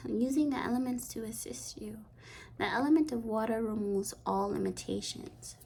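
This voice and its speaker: A woman with a slightly high, breathy voice and a gravelly fry gives an intuitive card reading. She talks in a soft, meandering way, often sinking into a half-whisper. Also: steady tone, moderate pace. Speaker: tarot card reader.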